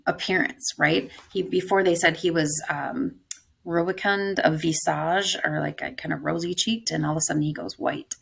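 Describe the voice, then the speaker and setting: A woman teacher with a low, gravelly voice walks through a story line by line. She muses aloud in a thoughtful, unhurried way, pausing to question the text. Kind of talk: close-reading lesson.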